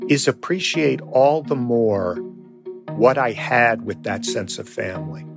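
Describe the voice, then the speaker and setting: A man's voice: mid-range voice, animated, unhurried, vocal fry, music in the background. A man from the United States, an author being interviewed, telling personal stories in an earnest way. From Connecticut, United States. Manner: earnest, storytelling. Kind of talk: reflective interview.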